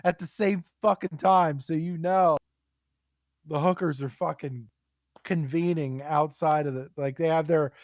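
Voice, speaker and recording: A young man casually telling a story, animated and swearing freely, acting out what people said. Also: a little high, a little slow, no echo, clean studio sound. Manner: animated, swears a lot, acts out quotes. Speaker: podcast guest telling war stories.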